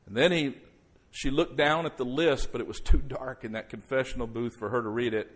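A man preaching a sermon as pastor before a congregation, slowing right down and dropping to a near hush for emphasis, then rising loud. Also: mid-range voice, fairly even intonation. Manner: slows down and drops soft for emphasis, then rises loud. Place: church service before a congregation.

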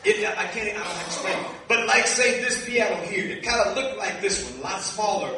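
A man preaching a sermon, a lively storyteller who acts out dialogue and laughs along the way. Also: high voice, brisk, music in the background. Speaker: minister. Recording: echoey hall from a distance.

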